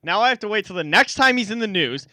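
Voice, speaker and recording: A man's voice: high-pitched, big pitch swings, fast talker, bright, forceful tone, dry recording. A young man hosting a casual sports podcast, upbeat and chatty as he steers from topic to topic. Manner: upbeat, leads the segments, chatty.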